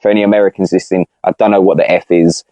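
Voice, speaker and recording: A man's voice: sits low, little pitch movement, racing, warm tone, dry recording. A young man on a podcast, chatting casually in rambling slang with lots of restarts. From Britain. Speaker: podcast co-host. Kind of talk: casual chat.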